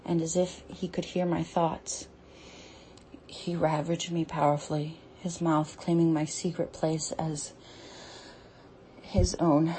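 A young woman performing an intimate audio role-play, reading a story aloud in a halting, breathy voice that often drops to a whisper. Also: low voice, little pitch movement, dark tone, slight background noise.

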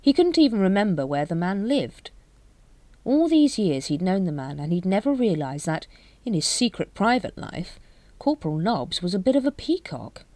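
Low-voiced woman reading a story. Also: darkish tone, no room sound. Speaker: audiobook narrator. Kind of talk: scripted narration.

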